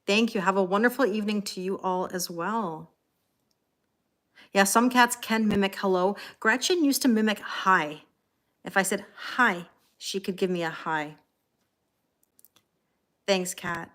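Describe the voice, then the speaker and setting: A woman's voice: mid-range voice, a little slow, pauses often, fairly bright tone. A woman hosting a livestream, chatting casually with viewers and thanking them by name. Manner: talks to her cats between comments. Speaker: tarot reader hosting a livestream. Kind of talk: casual chat with live viewers.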